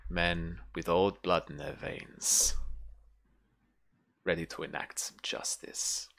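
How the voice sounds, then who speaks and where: A man voicing a rough, hungover knight who speaks in a low, hushed, sneering way. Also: steady tone, slow, exaggerated voice. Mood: menacing. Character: rough, hungover male knight, mocking and cocky.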